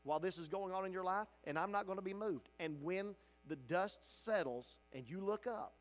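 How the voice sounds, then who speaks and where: High-voiced impassioned pastor in a church. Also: male voice, moderate pace, faint music behind. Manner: impassioned, swinging from loud cries to hushed, tender delivery. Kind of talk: teaching sermon at a Bible study. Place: church sanctuary.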